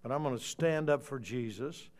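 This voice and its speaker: An older man preaching a fiery sermon, swinging from low muttering to loud shouts. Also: moderate pace. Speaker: pastor.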